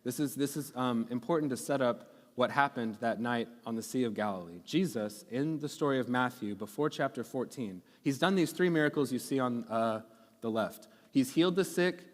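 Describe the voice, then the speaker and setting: In a church sanctuary, a man preaches a sermon in a conversational, teaching style, often checking in with the congregation with "okay" and "right." His mid-range voice moves at normal speed, and the sound carries a big-room quality.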